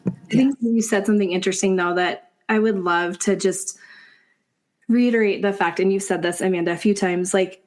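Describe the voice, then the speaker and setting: A woman's voice: medium pitch, fairly even intonation, normal speed, darkish tone. A woman in her forties co-hosting a podcast, upbeat and reflective, often agreeing with her guests. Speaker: podcast co-host. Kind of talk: casual podcast chat.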